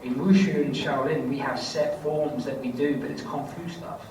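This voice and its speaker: A man's voice: mid-range voice, steady tone, moderate pace, a little mellow. Scottish-born guy w a london accent, rambling self-mocking stories at a con panel, very echoey far-off hall, noisy. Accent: London English. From Scotland. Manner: rambling, good-humoured, self-mocking anecdotes. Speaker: convention panel guest. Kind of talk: casual panel Q&A answers. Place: large convention hall. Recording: echoey hall, distant mic, background noise.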